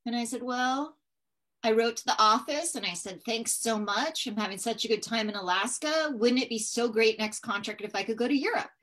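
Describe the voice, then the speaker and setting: A woman guest recounts a story in an interview. She talks in a casual, animated way, with a slightly high voice. She acts out the lines of the people in her story. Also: normal speed. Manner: animated, persistent, acts out dialogue.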